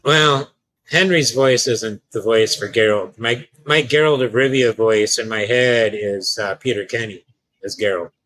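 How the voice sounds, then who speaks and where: A man's voice: mid-range voice, a little slow, fairly bright tone, dry recording, low-quality recording. A man co-hosting a live stream, talking casually with frequent restarts and hesitations. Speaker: podcast co-host.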